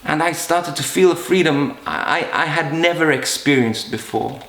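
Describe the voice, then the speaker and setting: A man's voice: fairly high pitch, moderate pace, vocal fry, fairly bright tone. A middle-aged man and priest from Malta, giving an earnest, emotional personal testimony with frequent restarts. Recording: roomy echo.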